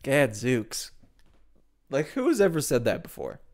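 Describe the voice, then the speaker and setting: A man's voice: mid-range voice, moderate pace. A man hosting a let's play, giving playful, self-deprecating gaming commentary with a lot of giggling.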